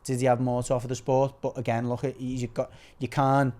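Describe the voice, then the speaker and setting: A man's voice: mid-range voice, flat delivery, brisk, mellow. A man, a podcast guest chatting about sport in a rambling, agreeable way. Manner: rambling, restarts phrases, agreeable. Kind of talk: casual sports chat.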